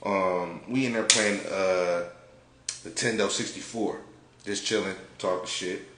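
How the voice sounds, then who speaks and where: A man from Detroit, a podcast host, telling an animated, profane story in a laid-back way. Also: low-pitched, a little slow. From Detroit, United States. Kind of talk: casual storytelling. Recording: roomy with faint background noise.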